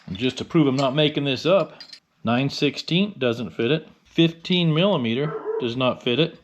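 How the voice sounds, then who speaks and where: An older man with a voice of ordinary pitch talks through a motorcycle repair in his garage. His manner is blunt and joking, and he explains each step as he works. A faint hiss sits under his voice. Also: moderate pace. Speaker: motorcycle restorer. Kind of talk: casual how-to narration while working.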